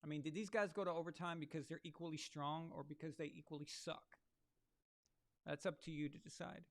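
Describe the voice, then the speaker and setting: A man's voice: on the high side, fairly even intonation, brisk. A man hosting a live sports watch-along, talking casually with crude, sarcastic asides. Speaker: live sports show host.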